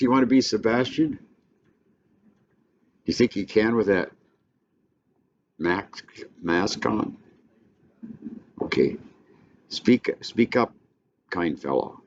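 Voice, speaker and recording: An older man lecturing a class on a play in a folksy, halting way, with frequent restarts. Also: deep voice, darkish tone. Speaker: literature teacher. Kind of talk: classroom lecture with read-aloud passages. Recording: dull lo-fi classroom recording with faint noise.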